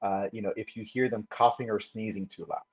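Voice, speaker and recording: A man co-hosting a political podcast, who talks in a measured way with frequent fillers. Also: fairly low pitch, fairly even intonation. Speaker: podcast co-host. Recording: dull lo-fi sound.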